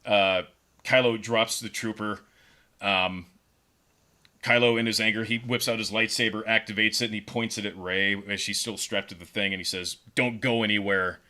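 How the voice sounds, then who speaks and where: A man co-hosting a podcast, pitching a story casually with lots of fillers and repeated words. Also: fairly even intonation, normal speed, sharp tone. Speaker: podcast co-host.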